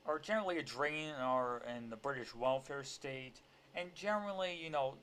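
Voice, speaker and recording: A man's voice: medium pitch, moderate pace, a bit bright, slight background noise. A man reading a news article aloud and breaking off into sarcastic, profane, heated rants. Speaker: political commentator. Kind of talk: ranting commentary on a news article.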